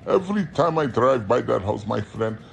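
A man's voice: medium pitch, expressive, moderate pace, creaky, slight background noise, voice pushed down. A man playing a nervous middle-aged male rideshare driver who talks in a repetitive, earnest way. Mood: fearful. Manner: repetitive, earnest, keeps saying "my friend". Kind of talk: comedy skit character.

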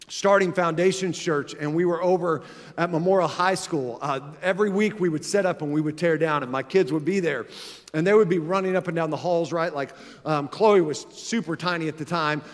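A pastor in his thirties delivers a sermon in a high-pitched voice that carries a big-room sound. His earnest, conversational storytelling rises to emphatic exhortation.

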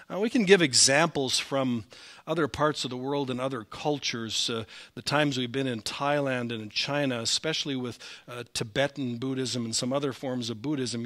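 Bright-voiced pastor preaching a sermon. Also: male voice, mid-range voice. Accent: Upper Midwest American. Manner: animated preaching, raising his voice when reading scripture, self-deprecating asides. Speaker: senior pastor. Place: church sanctuary.

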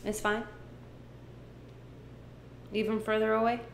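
A woman's voice: a little high, flat delivery, slow, creaky. Woman thinking aloud in echoey room. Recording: echoey room with background noise.

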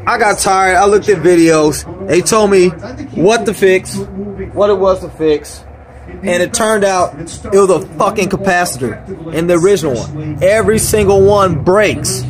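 An angry man talking casually as he repairs electronics on camera, swearing constantly and rambling. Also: high-pitched. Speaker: vlogger repairing a console power supply. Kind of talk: profane casual repair vlog.

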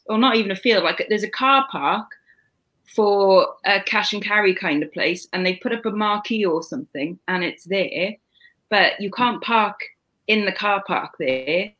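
A woman's voice: medium pitch, lively intonation, normal speed, fairly bright tone, rough recording. A woman co-hosting a casual live stream, rambling through a story and stumbling over repeated words. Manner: rambling, repeats words when starting a point. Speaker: co-host.

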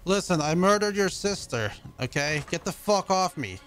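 A male streamer giving live gameplay commentary, loud and excitable with constant swearing. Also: high-pitched, moderate pace, faint music behind.

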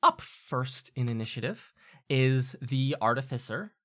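A man narrating a tabletop game as game master, with a bright, forceful tone. He lays out the scene at length, pausing on fillers as he goes. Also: mid-range voice, sing-song. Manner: descriptive, hesitant with fillers.

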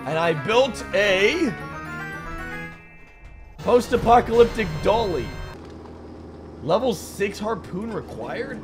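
A young man streaming a game, joking and reacting excitedly to the action. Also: high-pitched, slow pace, pauses often, over music. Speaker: gaming streamer. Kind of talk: let's play commentary.

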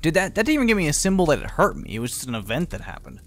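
A young man talks through a horror game in a loose, profane running commentary. His voice swings widely up and down, and he lets out loud startled yelps at scares. Faint game music plays behind him. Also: fairly high pitch, sing-song, very fast. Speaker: gaming channel host. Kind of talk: let's play commentary.

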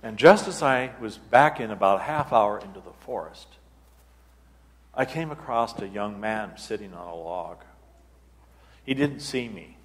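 Man, abbot, retreat talk, storytelling, fairly low voice, unhurried, halting, long reverb of a large church hall. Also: animated. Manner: unhurried, halting, restarts phrases.

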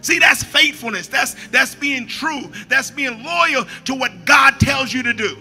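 A man preaching a sermon as a pastor, shouting at the peaks, dropping to quiet asides, and repeating his phrases. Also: very high-pitched, unhurried, gravelly, slightly rough, soft background music.

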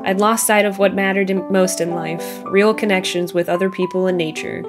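A woman reading aloud the letter of a kindly old grandfather in a video game, gently and slowly. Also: medium pitch, steady tone, music in the background, close to an everyday voice. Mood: tender.

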